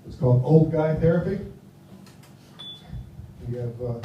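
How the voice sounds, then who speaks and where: Heard from afar in a very echoey space with faint noise and clipped highs, an American man in his fifties delivers a rambling stand-up set at a live venue. His fairly high voice is lively yet unhurried, and his delivery mumbles.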